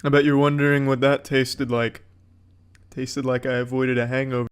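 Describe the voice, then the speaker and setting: A man in his thirties tells crude comic stories in a deadpan monologue. His voice is smooth and clear. His pitch stays flat and level throughout. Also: moderate pace. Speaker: YouTuber. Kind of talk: casual comedic monologue.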